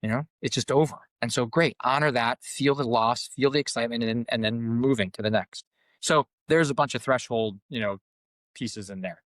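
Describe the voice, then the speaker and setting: A man's voice: mid-range voice, normal speed, a bit bright, no echo. A man working as a coach and group facilitator, speaking earnestly in a podcast conversation and often repeating words as he searches for the next one.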